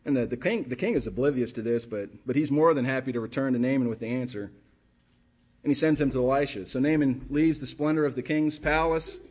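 Husky-voiced male preacher, impassioned. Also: medium pitch, darkish tone. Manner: impassioned, rhetorical questions, repeats phrases for emphasis. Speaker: pastor. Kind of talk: sermon.

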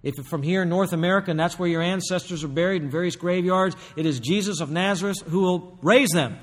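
Pastor guy preaching hard, kinda high voice, big hall echo. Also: fast talker, hardly any pauses. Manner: emphatic preaching, rising to loud bursts. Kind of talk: sermon.

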